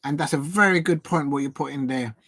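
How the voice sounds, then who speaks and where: A man hosting a live football watch-along, rambling through chat comments with lots of ums and restarts and shouting now and then at the match. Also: on the high side, fairly quick, no echo. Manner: sudden excited shouts at match action.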